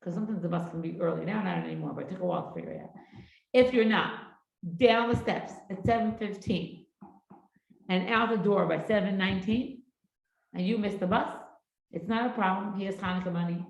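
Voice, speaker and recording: A woman's voice: medium pitch, a little fast, creaky, lo-fi sound. Middle-aged woman, parenting class teacher, storytelling lecture, room echo. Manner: lively storyteller who acts out family dialogue. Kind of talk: lecture with anecdotes. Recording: echoey room.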